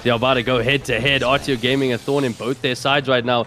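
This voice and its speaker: A South African man giving esports color commentary in a mid-pitched, even voice. He walks through each play in a measured, analytical way and leans on fillers as he thinks aloud. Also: a little hiss or hum. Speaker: esports co-caster.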